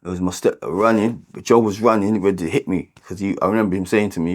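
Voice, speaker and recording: Low-voiced London man telling his story. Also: fairly even intonation. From London, England. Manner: halting, repeats words and restarts, many filler "like"s. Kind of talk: candid personal storytelling.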